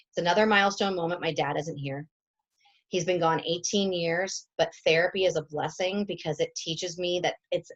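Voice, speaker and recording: A woman's voice: on the low side, muffled recording. A woman in her forties, a team coach giving a chatty, emotional motivational talk, laughing often. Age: 40s.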